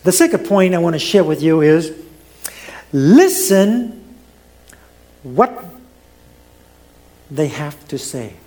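A man in middle age delivers a sermon from the pulpit. His voice sits high and swings widely, climbing for emphasis and dropping low at the ends of phrases. His phrasing carries non-native grammar. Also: slow, pauses often. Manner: preaching with lively rises and drops, non-native grammar. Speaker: pastor.

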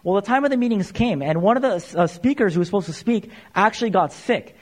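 A man's voice: high-pitched, animated, fast talker. A young man preaching a sermon, telling stories to the congregation with frequent "uh" fillers and calling them "you guys". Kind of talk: sermon storytelling.

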